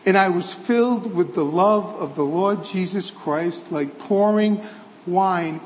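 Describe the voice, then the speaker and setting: A man voicing a frail, dying elderly bishop who speaks quietly, slowly and tenderly. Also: sits high, in a large hall, slight background noise. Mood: awed.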